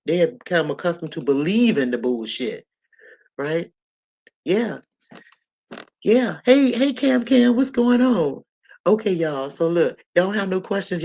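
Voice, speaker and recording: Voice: mid-range voice, lo-fi sound. A livestream host in casual talk with chat viewers who gives preachy life advice and repeats phrases for emphasis. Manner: bright, lively greetings to chat viewers.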